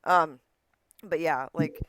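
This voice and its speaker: A man with a fairly high, smooth and resonant voice, recorded close and dry. He tells stories in an animated way, laughing often and acting out what others said. It sounds like a guest in a relaxed chat. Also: takes it slowly, no room sound. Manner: animated storyteller who laughs often and acts out quotes. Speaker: interview guest. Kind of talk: casual interview chat.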